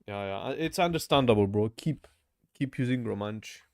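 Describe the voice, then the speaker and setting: A man's voice: medium pitch, expressive, moderate pace. Chatty man repeating words aloud. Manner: thinks aloud, repeats words, says "bro" often. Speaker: language learner vlogger. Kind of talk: casual study vlog.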